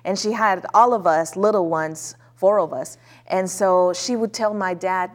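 A woman from Mexico, a guest telling a heartfelt personal story in a casual, earnest way with soft hesitant fillers. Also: lowish voice, a little slow, hardly any pauses.

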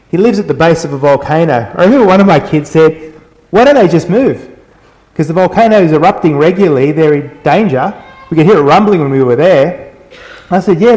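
A man's voice: a little high, warm tone, low-quality recording. Earnest man preaching a sermon. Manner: earnest, conversational preaching with anecdotes.

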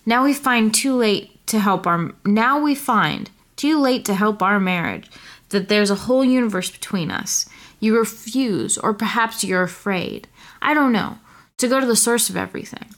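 A woman's voice: mid-range voice, a bit bright. A woman reading a science-fiction story aloud with a friend, taking the wife's lines and breaking in with playful questions. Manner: playful, asks questions, reads her part slowly. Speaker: co-reader of a story. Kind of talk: casual reading aloud with banter.

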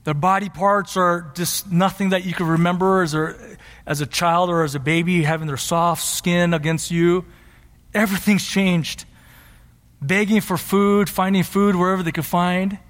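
A man's voice: sits high, steady tone, moderate pace, fairly bright tone. A middle-aged man preaching a sermon as pastor, teaching earnestly and building to emphatic passion. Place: church sanctuary. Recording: long hall reverb.

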